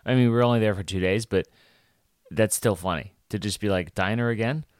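A man's voice: fairly low pitch, fairly quick, no room sound, clean studio sound. A young adult man, a stand-up comedian, telling a casual rambling story with lots of fillers and restarts.

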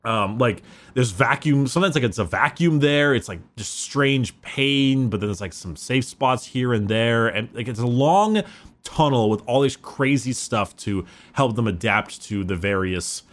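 A man's voice: medium pitch, expressive, measured pace. Rambling male podcast host. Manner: rambling, lots of fillers. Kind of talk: casual podcast chat.

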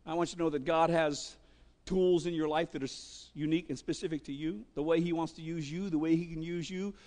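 High-voiced pastor preaching hard, big reverb from the hall. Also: male voice, steady tone, fairly quick. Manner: impassioned, emphatic, wide swings in loudness. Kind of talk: sermon.

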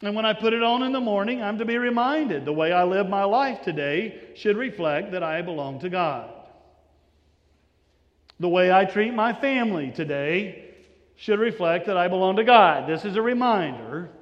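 A man preaching a sermon, telling the story dramatically, acting out voices and dropping to a hush. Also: sits high, dull audio. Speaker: pastor. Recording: long hall reverb.

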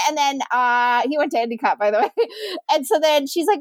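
An animated woman from upstate New York telling frank, funny stories in a casual chat. Her voice sits a bit high, and the sound is close and dry. She acts out the people she quotes and swears freely. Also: quick pace, dry recording. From southern tier of New York.

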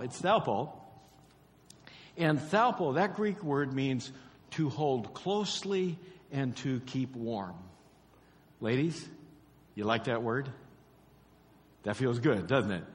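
Casting: male pastor, mid-pitched, chatty sermon delivery, reverberant church hall recording. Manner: conversational, repeats key phrases, quizzes the congregation.

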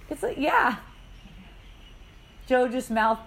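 A woman's voice: high-pitched, normal speed. A woman leading an in-person spiritual dialogue, telling light anecdotes with frequent laughter and quoted voices. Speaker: spiritual teacher. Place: indoor gathering room.

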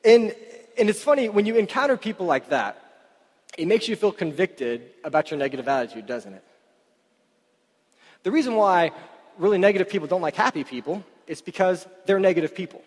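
Animated high-voiced preacher in a reverberant hall. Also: male voice, fairly quick, long pauses. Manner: animated, chatty, lots of "like" fillers. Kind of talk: sermon storytelling.

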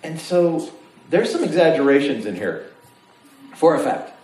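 A man's voice: on the high side, a little slow. A man preaching a sermon in a casual, joking way, acting out the voices of his listeners. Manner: animated, jokey, acts out voices of listeners. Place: church sanctuary. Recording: roomy, distant mic with faint noise.

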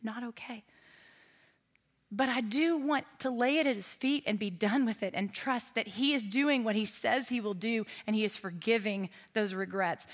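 A woman's voice: a little high, normal speed. A woman, giving a casual, humorous sermon with asides to the audience. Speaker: Bible teacher.

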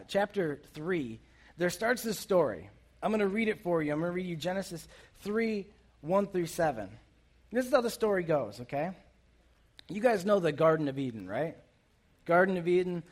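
A man giving a casual sermon as a youth pastor, talking conversationally and asking his listeners questions. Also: on the high side. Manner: conversational, asks the audience questions.

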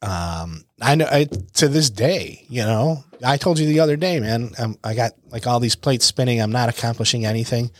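A man's voice: medium pitch, expressive, normal speed, few pauses, no echo. A man co-hosting a podcast, talking in a casual, reflective way and repeating points for emphasis. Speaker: podcast co-host. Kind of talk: casual chat.

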